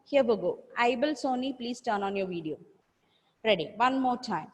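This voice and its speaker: A woman's voice: a little high, lively intonation, normal speed. A woman teacher, leading an online class and drawing out words for children to repeat. She praises and scolds pupils by name in a firm way. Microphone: video call. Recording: long reverb on voice.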